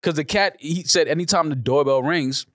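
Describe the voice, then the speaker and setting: A man co-hosting a podcast in loud, animated banter, swearing often. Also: a little high, moderate pace, slight background noise. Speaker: podcast co-host.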